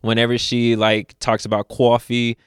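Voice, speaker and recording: A young man from Louisville, a podcast guest, telling animated stories in casual conversation with frequent laughs. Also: mid-range voice, clear, resonant tone, dry recording, studio quality. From Louisville, Kentucky. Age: young adult. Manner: animated storyteller, laughs often, quick asides.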